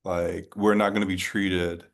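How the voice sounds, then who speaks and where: A man's voice: low voice, little pitch movement, creaky. A man from New Orleans hosting an interview in a conversational way, often rephrasing and circling as he shapes his questions. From New Orleans, USA. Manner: halting, rephrases a lot while forming questions. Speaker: interview host.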